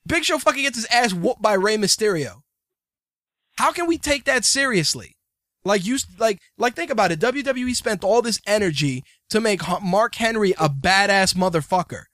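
A man's voice: high-pitched, expressive, normal speed, a bit bright, no room sound, studio quality. A man hosting a podcast, ranting in profane casual banter. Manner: ranting, swearing, mocking. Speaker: podcast host.

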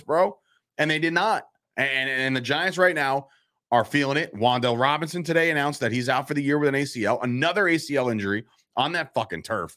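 A man's voice: medium pitch, bright, forceful tone. A man co-hosting a casual football talk show, ranting animatedly and swearing freely. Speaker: sports podcast co-host.

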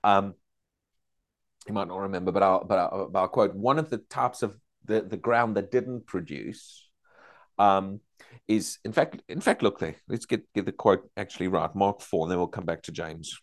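A man teaching a Bible study, questioning his class and acting out excited believers. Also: deep voice, normal speed.

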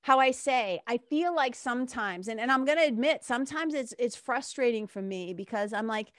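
A woman's voice: on the high side, lively intonation, moderate pace, no room sound, studio quality. Chatty, candid woman spiritual mentor. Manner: candid and chatty, with frequent swearing and laughter. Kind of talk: casual monologue.

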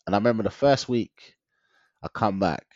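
Guy, young, animated storyteller, lots of slang and laughs; dull dry lo-fi sound. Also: lowish voice, moderate pace, no room sound. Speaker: guest. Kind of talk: casual storytelling interview.

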